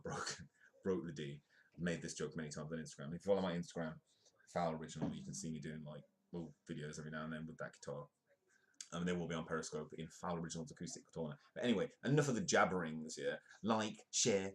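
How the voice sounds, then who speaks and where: A man hosting a casual livestream, rambling with jokey asides as he comments. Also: extremely low pitch. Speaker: livestream host.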